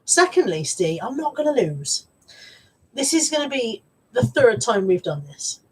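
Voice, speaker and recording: A woman's voice: a little high, big pitch swings, unhurried, darkish tone, breathy edge. A woman hosting a live stream, chatting casually and teasing her viewers with lots of laughs. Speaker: livestream host. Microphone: camera mic on a live stream. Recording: slightly distant from the mic.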